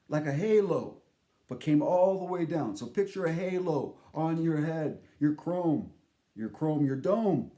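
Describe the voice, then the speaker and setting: A man telling a story in a casual monologue, animated and profane, acting out the voices he quotes. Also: a little high, moderate pace, reverberant.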